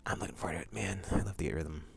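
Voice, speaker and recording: Deep-voiced man rambling casually. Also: rapid-fire, vocal fry, noisy background. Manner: loose, rambling, many fillers and restarts; excitable outbursts about upcoming games. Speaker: vlog host. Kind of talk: casual rambling monthly vlog chat.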